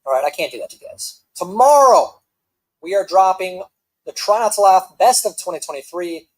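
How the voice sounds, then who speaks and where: A man's voice: high voice, brisk, low-quality recording. A man hosting a reaction video with sarcastic, mocking commentary. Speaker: host.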